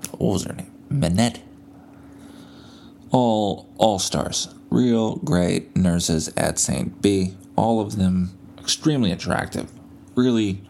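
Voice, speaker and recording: Male podcaster, gravelly and laid-back, rambling and profane, buzzed from painkillers and bedridden at home. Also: sits low, mellow, slight background noise. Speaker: podcast host. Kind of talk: casual solo podcast storytelling.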